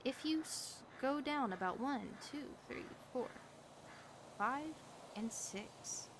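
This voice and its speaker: A woman's voice: high-pitched, expressive, takes it slowly, noisy background. A tired woman chatting in character during a roleplay stream, wry and blunt, swearing casually. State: tired late at night.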